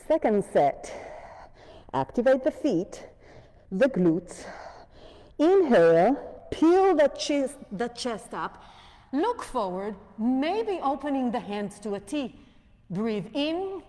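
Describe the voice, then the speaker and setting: A woman with a non-native English accent leads a yoga class in a slow, mellow voice. She talks gently through each pose and keeps reminding students to breathe. Her mic picks up the long echo of the studio hall. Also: medium pitch. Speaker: yoga instructor. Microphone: wearing a mic.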